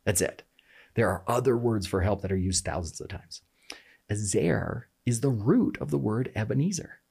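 Man, low husky voice, very animated delivery, passionate conversational explainer. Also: normal speed. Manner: passionate, emphatic, fond of rhetorical "right?". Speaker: guest explaining scripture.

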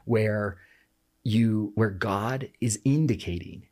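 This guest on an animated podcast talks slowly in a low, darkish voice. He explains scripture passionately and emphatically, repeatedly restarting his sentences as he goes.

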